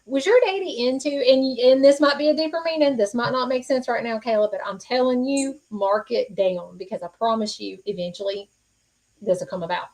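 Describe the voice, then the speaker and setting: A woman's voice: fairly high pitch, brisk, darkish tone, rough recording. A woman hosting a live-stream psychic reading, earnest and reassuring, speaking folksy with many fillers. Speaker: psychic medium host.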